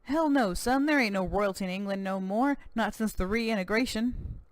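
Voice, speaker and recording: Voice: medium pitch, moderate pace, no room sound, pitched above the performer's own voice, lightly acted. A narrator doing a brash cowboy governor. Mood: boastful. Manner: drawling, boastful, loud. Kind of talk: let's-play voice reading.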